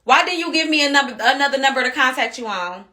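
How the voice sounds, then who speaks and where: High, bright-voiced furious mother. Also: lively intonation, fast talker. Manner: heated, cussing, repeats herself. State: upset and angry. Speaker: mother speaking on social media. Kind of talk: angry social media rant.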